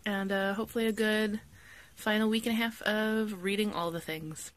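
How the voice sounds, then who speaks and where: A woman's voice: medium pitch, normal speed. A woman chatting to camera in a casual vlog, upbeat and self-mocking as she runs through her plans for the day. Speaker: book vlogger.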